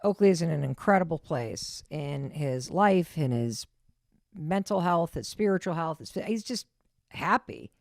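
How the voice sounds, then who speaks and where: Host: middle-aged woman, very low gravelly voice, earnest reassuring delivery, dry close sound. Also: lively intonation, a little slow, no echo. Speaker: podcast host. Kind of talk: casual podcast conversation.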